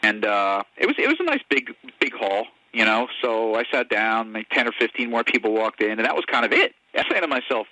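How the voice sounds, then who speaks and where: Casual podcast host guy, very bright voice, dry close sound, rambles through stories and does little voices for people. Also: medium pitch, sing-song, a little fast, few pauses, dry recording, rough recording. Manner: rambling storytelling, acting out quoted voices. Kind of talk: casual chat.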